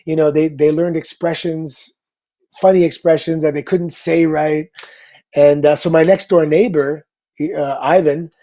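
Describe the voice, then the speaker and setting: A man's voice: on the high side, measured pace. A middle-aged man, a former pro wrestler, telling stories as a guest in a casual interview, acting out the voices of people he quotes. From Canada. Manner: animated, acts out quoted voices.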